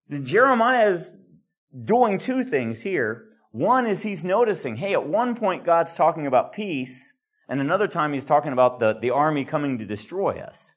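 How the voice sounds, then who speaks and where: An older man teaching a classroom Bible lecture in an earnest manner, growing animated when he reads quotes aloud. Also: on the high side, normal speed.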